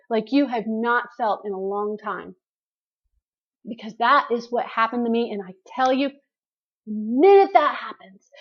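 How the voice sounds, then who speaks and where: A woman's voice: fairly high pitch, highs cut off. A woman hosting a group call and giving an earnest, preachy motivational talk straight to her listeners.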